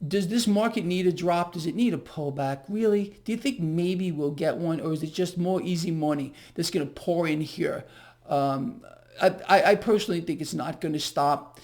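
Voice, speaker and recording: A man's voice: a little high, moderate pace, darkish tone. Man, angry sarcastic market rant, mocking tone, solo commentary.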